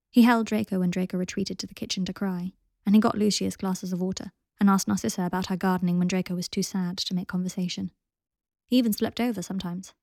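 A woman reads a story aloud in a calm, steady voice with a gravelly texture. The sound is dry and close, with no room around it. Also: medium pitch, no echo. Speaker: narrator. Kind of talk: audiobook reading of fan fiction.

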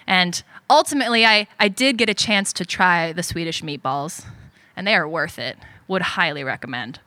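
A young woman telling a personal story on stage at a story slam, animated and self-deprecating. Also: lowish voice, normal speed, dry recording.

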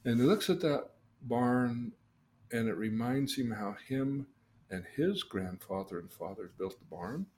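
A man hosting a podcast, telling a long story in an animated way, often repeating words as he starts a thought. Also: medium pitch, a little slow, a little hiss or hum. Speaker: host.

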